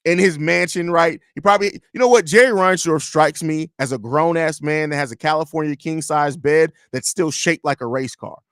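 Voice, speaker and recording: A man's voice: a little high, moderate pace, hardly any pauses, a bit bright, clear, resonant tone, no room sound, studio quality. A man hosting a live sports podcast, rambling and joking profanely while reading chat aloud. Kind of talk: casual live-stream chat.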